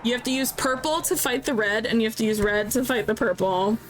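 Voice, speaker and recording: A woman's voice: on the high side, brisk, faint music behind, poor audio. A woman in her thirties chatting casually as a streamer while playing a video game, candid and talkative. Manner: chatty and candid, reacts aloud. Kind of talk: casual gameplay commentary.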